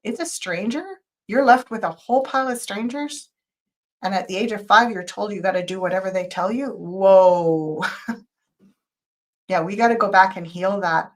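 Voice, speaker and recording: A woman hosting a live tarot reading show, talking to viewers in an emotional, intense, spiritual way. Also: mid-range voice. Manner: spiritual, guiding talk with quick changes of loudness. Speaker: tarot reader and show host.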